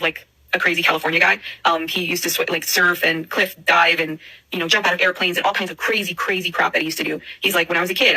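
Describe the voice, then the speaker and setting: A woman telling a personal story in casual chat, rambling and animated, with many fillers, self-corrections and frequent swearing. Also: on the low side, creaky, breathy edge, poor audio. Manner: rambling, animated, curses freely. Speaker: storyteller in a clip.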